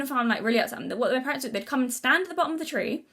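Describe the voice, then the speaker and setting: A woman's voice: sits high, lively intonation, racing, a bit bright. A young woman vlogging in casual unscripted talk, earnest and rambling, with many restarts and self-corrections. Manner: earnest, thinking aloud.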